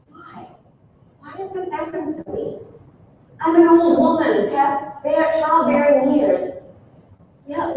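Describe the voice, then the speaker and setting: A gentle, humble elderly Elizabeth, as a woman preacher puts her on, tells her story in a high, heartfelt voice. The sound is distant and echoes through a large church hall, with a dull, muffled tone. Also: a little hiss or hum. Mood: wondering. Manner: heartfelt storytelling with soft pauses. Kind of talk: first-person dramatic monologue in a sermon.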